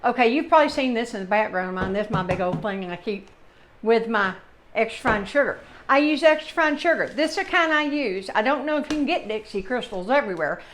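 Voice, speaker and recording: A Southern American woman talks viewers through a recipe in her home kitchen. She chats in a loose, rambling way and keeps adding folksy side remarks. Her voice sits a little on the high side. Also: lively intonation, fairly quick, fairly bright tone, a little hiss or hum. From Southern United States. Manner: chatty, rambling, folksy asides. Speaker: home cooking channel host. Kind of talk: casual cooking demonstration.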